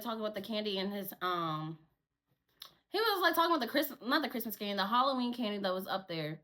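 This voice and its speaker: A young woman telling a casual story about her store cashier job to the camera, animated and repetitive, swearing as she vents. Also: on the high side.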